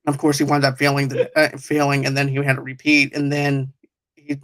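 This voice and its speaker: A man's voice: mid-range voice, completely flat delivery, a little fast, a bit bright. Chatty podcast host man. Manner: rambling, restarts with frequent chuckles. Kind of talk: casual chat.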